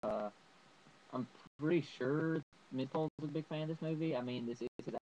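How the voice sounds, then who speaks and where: A man's voice: fairly high pitch, moderate pace, a little mellow, highs cut off, slight background noise. A young man rambling enthusiastically through a casual horror movie review, full of fillers.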